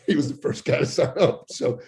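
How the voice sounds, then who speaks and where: A man's voice: fairly quick, dark tone. A man in his forties, a podcast guest, telling a story with energy and acting out the voices of the people in it. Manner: acts out quoted voices with big pitch jumps. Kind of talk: animated storytelling. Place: Toronto area.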